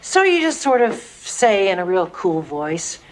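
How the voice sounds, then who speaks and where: A woman's voice: medium pitch, very animated, measured pace. An actress playing a bubbly woman who coaxes a friend with eager dating advice in a sitcom. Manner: eager, coaxing. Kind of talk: sitcom acting.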